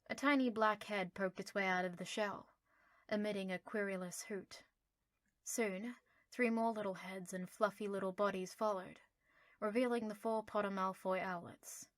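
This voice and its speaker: A woman narrating an audiobook in a lively, playful storytelling manner. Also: mid-range voice, no room sound, clean studio sound.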